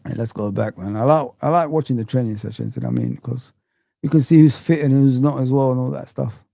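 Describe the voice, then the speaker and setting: A man's voice: medium pitch, fast, gravelly, dark tone, dry recording, clean studio sound. A man hosting a football live stream, ranting in heated street slang as he reads the chat.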